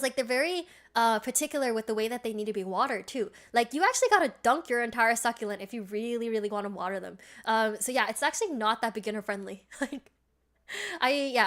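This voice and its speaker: A bubbly woman streamer with a slightly high voice chats away casually to her viewers. She laughs a lot and answers her chat as she goes. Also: fairly bright tone. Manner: bubbly and chatty, laughs often, reacts to chat.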